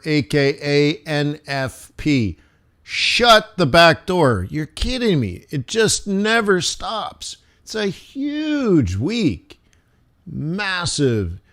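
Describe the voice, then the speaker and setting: A man runs a live forex trading stream and talks through the week's market events in a loose, joking way. His pitch sits in the middle of the range. He speaks quickly and with lots of energy. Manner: animated, jokey, talks fast with laughs and asides.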